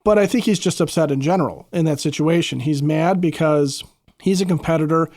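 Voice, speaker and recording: A man co-hosting a sports podcast, talking casually in a measured way with small restarts. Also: a little high, a little mellow, no room sound, studio quality. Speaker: podcast co-host.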